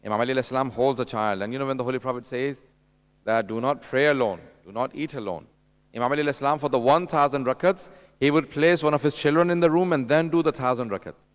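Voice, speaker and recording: At a mourning gathering, a man with a smooth, medium-pitched voice preaches quickly in a conversational style. He talks directly to the audience, relating anecdotes and acting out the dialogue in them.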